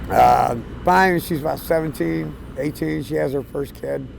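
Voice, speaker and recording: A man of around 60 telling his life story outdoors on a city street, plain-spoken and casual, with fillers and soft chuckles. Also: on the high side, normal speed, creaky, slight background noise, low-quality recording. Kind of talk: candid storytelling.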